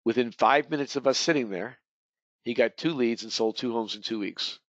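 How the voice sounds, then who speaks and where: Here a man presents a real estate webinar at normal speed and medium pitch, rambling with frequent restarts and repeated words. The recording is dry, with the flat lo-fi quality of webinar audio.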